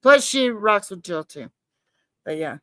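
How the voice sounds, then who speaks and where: A woman chats casually on a live stream, rambling, cursing and answering her chat. She calls herself a nervous person. Her voice sits at a middle pitch and sounds dry and close. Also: very animated, unhurried, a bit bright, no room sound. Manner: rambling, swears, reacts to chat, self-described nervous.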